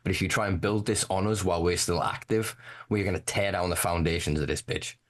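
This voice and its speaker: A man's voice: sits low, steady tone, a little fast. A man with a Northern English accent, talking in a casual podcast chat with passionate, profane ranting. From Northern England. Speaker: podcast correspondent.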